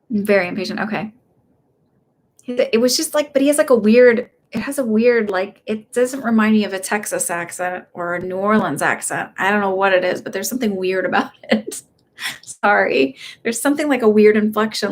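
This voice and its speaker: A young woman hosts a casual live-stream as a psychic medium, giving readings in a chatty, hesitant manner packed with fillers and restarts. Her voice sits at a medium pitch, with slight background noise.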